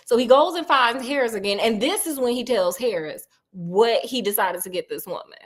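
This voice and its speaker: A woman's voice: fairly high pitch, normal speed, few pauses. A woman casually retelling a children's story, chatty with sassy asides and frequent laughs. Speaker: storyteller host.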